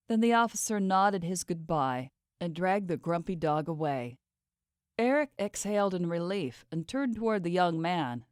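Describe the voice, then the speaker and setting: A woman reading a romance novel aloud in steady, measured audiobook narration. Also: on the low side, dry recording, studio quality.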